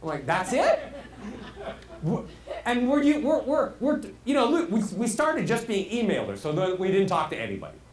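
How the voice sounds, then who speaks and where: A middle-aged man teaching as a voice coach, animated and swinging his pitch widely to make his points. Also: brisk. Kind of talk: speaking lesson. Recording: roomy sound with faint hiss.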